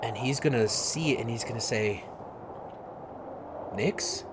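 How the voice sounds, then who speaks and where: A man narrating a tabletop game as game master, halting with many fillers. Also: medium pitch. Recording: noisy stream audio.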